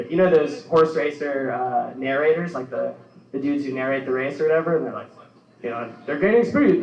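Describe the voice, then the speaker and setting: A young male comedian with a slightly high voice rambles through his stand-up set, deadpan and laughing at his own lines. He sounds far from the mic, in a roomy club. The recording is dull. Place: small club. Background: club room.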